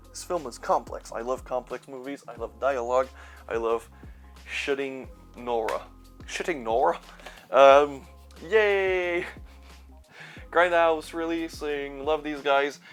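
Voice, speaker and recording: A man's voice: mid-range voice, a bit bright. A young man chatting casually about his collection, rambling and sarcastic, swearing now and then. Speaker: YouTuber reviewing his movie collection. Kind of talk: casual chat.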